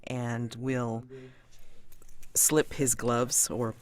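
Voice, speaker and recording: A male tabletop game player who talks slowly and describes his character's moves hesitantly. He often stops to search for the right word. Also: medium pitch, level tone.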